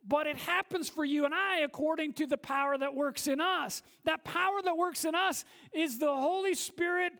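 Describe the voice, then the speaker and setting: A woman's voice: high voice, normal speed, few pauses, fairly bright tone. A woman pastor giving a sermon in a conversational, emphatic way, often checking in with her listeners. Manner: conversational, emphatic preaching with frequent "okay?" check-ins.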